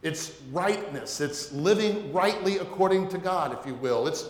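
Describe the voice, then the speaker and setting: A man's voice: high voice, animated, a little slow. A man preaching a sermon as pastor, emphatic and questioning, often repeating words as he drives a point home. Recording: echoey hall.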